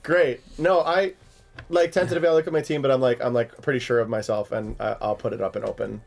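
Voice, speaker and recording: A man's voice: mid-range voice, fairly even intonation, fast, gravelly, slight background noise. A man playing in a tabletop game, chatty and apologetic, full of hesitant restarts. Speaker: player. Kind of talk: tabletop role-play.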